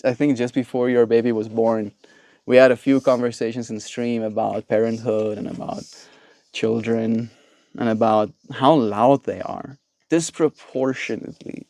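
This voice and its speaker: A man of average pitch talks through a casual live stream, replying to viewers in a playful, chatty way. He laughs easily and keeps a loose, friendly flow. The sound is dry and close. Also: a little mellow, no echo. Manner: playful, laughs often, mock voices for viewers. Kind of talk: casual live-stream chat reading chat messages. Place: outdoors with mosquitoes.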